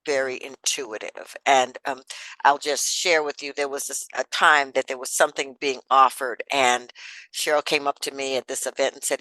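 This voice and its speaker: A woman's voice: deep voice, normal speed, bright, forceful tone, no room sound, low-quality recording. A woman hosting an interview, animatedly retelling an anecdote to her guest. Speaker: podcast host. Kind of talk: interview chat.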